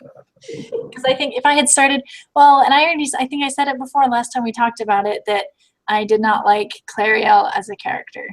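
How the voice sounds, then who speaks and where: A woman co-hosting a casual book chat, relaxed and trailing off mid-thought. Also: fairly high pitch, brisk, low-quality recording.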